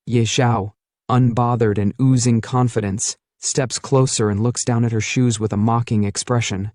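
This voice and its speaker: A man's voice: medium pitch, little pitch movement, unhurried, a little mellow, no room sound, studio quality. A man narrating a comic recap as dramatic storytelling.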